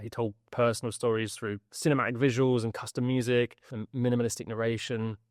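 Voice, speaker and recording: A man, hosting a podcast where he reads his newsletter email aloud, lively, with jokey asides and frequent laughs. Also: medium pitch, dry recording, studio quality. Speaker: host.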